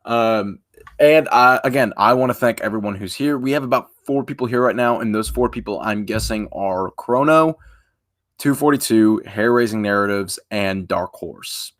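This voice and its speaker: A young man talks to viewers on a casual live stream in a somewhat low voice. He sounds tired and rambles loosely, his phrases often trailing off into near mumbles. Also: moderate pace. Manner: rambling and informal, trailing off softly at the ends of phrases.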